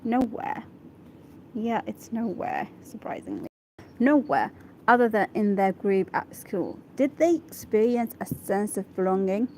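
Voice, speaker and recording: Reading an English article aloud for practice, this Arabic-speaking woman stops on hard words to sound them out, repeat them and check how she says them. Her mid-range voice is warm and sing-song, with a measured pace, over slight background noise.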